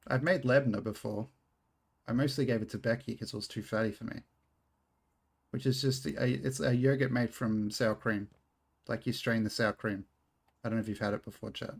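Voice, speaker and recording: A man's voice: medium pitch, steady tone, moderate pace, gravelly, husky. An Australian man streaming a game, rambling casually, swearing freely and joking at his own expense. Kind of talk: casual live-stream chat while playing.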